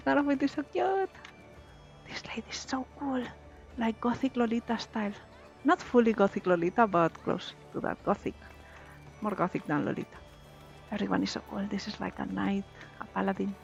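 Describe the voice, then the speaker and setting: A woman's voice: medium pitch, vocal fry. Giggly woman streaming a game. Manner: giggly, excitable, chatty. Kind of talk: casual live-stream chat.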